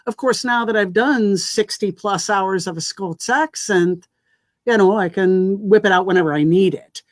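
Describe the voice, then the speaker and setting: A woman audiobook narrator, a guest on a talk show, chatting in a lively, practical way. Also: medium pitch, moderate pace, no room sound, studio quality. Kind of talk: casual chat.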